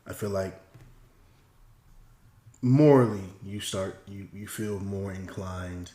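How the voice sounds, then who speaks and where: A man in his thirties talking in a reflective, measured way in a casual podcast discussion. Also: deep voice, dark tone. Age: 30s. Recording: echoey room.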